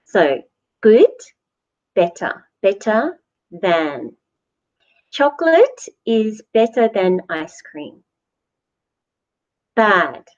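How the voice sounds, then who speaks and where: A woman teaching English grammar, speaking very slowly and deliberately so learners can follow. Her voice is lively and rises and falls a lot on each example word. The recording sounds dull and lo-fi. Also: mid-range voice. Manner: slow, deliberate, repeats words for learners. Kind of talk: slow grammar lesson.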